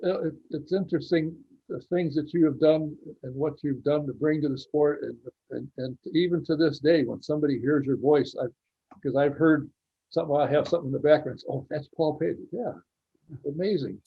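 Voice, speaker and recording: A man's voice: on the high side, fairly quick, husky, lo-fi sound. A man hosting a racing talk show, chatting admiringly with his guest over a video call. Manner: admiring, rambling with restarts. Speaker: radio show host.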